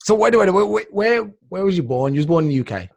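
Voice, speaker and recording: A man's voice: high voice, sing-song, fast talker, gravelly. A man hosting a podcast, bringing in the guest and teasing her about her accent. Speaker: podcast host. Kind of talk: casual chat.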